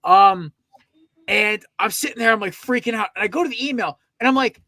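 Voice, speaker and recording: A man hosting a casual sports podcast, telling stories in an excitable, profane way with lots of asides. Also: high-pitched, a little fast, dry recording. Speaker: podcast host.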